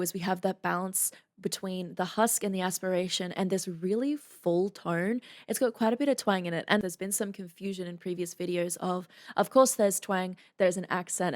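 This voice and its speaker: A woman voice coach giving a casual reaction commentary. She is friendly and explains vocal technique in analytical detail. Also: on the low side.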